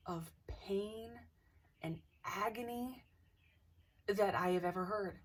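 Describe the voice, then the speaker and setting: A woman's voice: on the low side, recorded from a distance. A young woman casually telling a ghost story, hesitant, with many restarts and dips into near-whispers.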